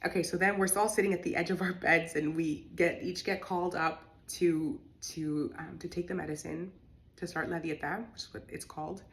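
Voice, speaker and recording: Chatty young woman, slightly low voice. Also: moderate pace. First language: bilingual English and Spanish. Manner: chatty, lots of "like" and fillers, animated when excited. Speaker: vlogger recounting her experience. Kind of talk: casual storytelling.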